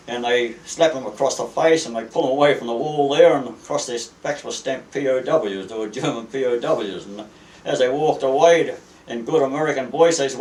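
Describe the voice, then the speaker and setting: An older Australian man, a retired merchant seaman, reminiscing at length with halting, rambling speech and many fillers. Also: medium pitch, darkish tone. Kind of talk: reminiscing storytelling. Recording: roomy, distant mic, faint ambience.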